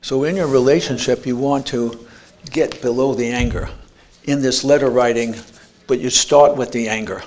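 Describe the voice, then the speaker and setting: A man's voice: medium pitch, moderate pace, darkish tone. A man giving an earnest motivational talk at an expo, telling stories and restarting words. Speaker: speaker. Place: expo lecture room.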